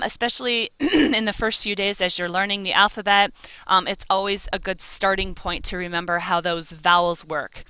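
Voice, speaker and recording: A woman's voice: mid-range voice, bright, forceful tone, clean tone, no room sound. A woman teaching a Spanish lesson, encouraging and carefully over-articulating each vowel. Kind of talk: slow, clear language lesson.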